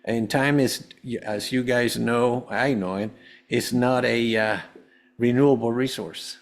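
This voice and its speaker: A man's voice: medium pitch, steady tone, unhurried, creaky. A man, a holistic health coach, telling his personal story as a podcast guest in an earnest, rambling way with many restarts.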